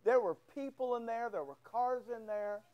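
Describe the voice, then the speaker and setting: A man's voice: very high-pitched, moderate pace, dull audio. A male pastor preaching a sermon in church, telling a folksy story and acting out both sides of a conversation. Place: church sanctuary.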